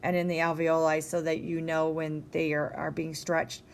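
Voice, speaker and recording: A woman's voice: sits low, flat delivery, moderate pace. A young woman teacher giving a recorded science lecture in a casual, conversational way, tired and yawning, with frequent ums and a checking "okay?".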